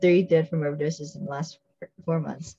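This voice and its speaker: A woman with a low voice speaks briskly, recorded muffled with no room sound. She's co-hosting a casual podcast, animatedly recapping a TV episode and acting out the characters' lines.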